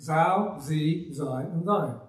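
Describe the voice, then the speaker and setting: An older English man from the West Midlands preaching a sermon, with a softened accent and a folksy, emphatic manner and little chuckles. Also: on the high side, slow pace. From Black Country, West Midlands of England. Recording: roomy, from some distance.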